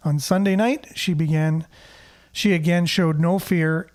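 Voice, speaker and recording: A man's voice: high voice, a little mellow. A man hosting a casual local news show, chatting and reading the news aloud with asides and fillers. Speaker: host.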